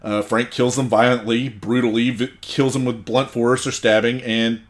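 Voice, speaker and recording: A man co-hosting a podcast, telling a film's story in a relaxed, casual way and swearing now and then. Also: medium pitch, moderate pace. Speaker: podcast co-host. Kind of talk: casual podcast chat, recapping a film.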